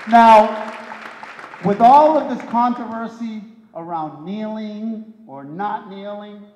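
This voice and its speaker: Male emcee, high voice, joking introductions, roomy ballroom PA, dull sound. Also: a little mellow. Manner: playful, teasing, punchline timing. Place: hotel ballroom event.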